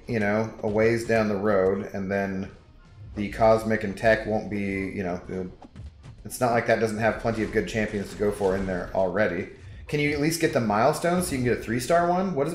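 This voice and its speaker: A young man casually chatting with viewers during a game livestream, rambling and reading chat messages aloud. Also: mid-range voice. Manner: laid-back, rambling, reads chat aloud. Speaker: game streamer. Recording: echoey room with background music.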